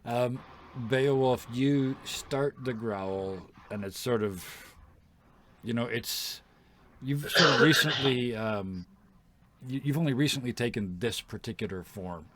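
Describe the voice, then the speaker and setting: A man narrating a tabletop game as game master, slow and descriptive with fillers. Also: medium pitch, fairly bright tone, slight background noise.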